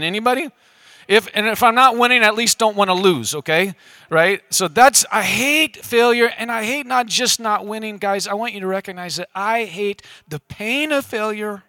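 A man's voice: sits high, lively intonation, brisk, pushed and bright, no room sound, clean studio sound. A male pastor giving a casual sermon to a room of listeners, conversational and often tossing questions to his audience.

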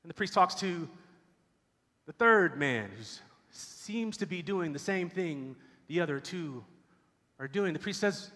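A man's voice: sits high, lively intonation, measured pace, bright, forceful tone, big-room sound. A man preaching a sermon as pastor, telling a story and doing voices for its characters. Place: church sanctuary.

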